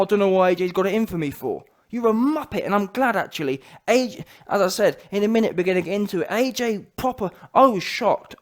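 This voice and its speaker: Heated man ranting. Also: sits high. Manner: heated, slangy, mocking. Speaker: boxing commentary vlogger. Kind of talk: ranting commentary.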